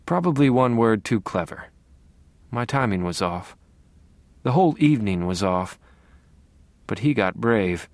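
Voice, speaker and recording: A man narrating an audiobook in a calm, wry, low-key way, sometimes sinking to a near whisper. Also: unhurried, long pauses, no echo.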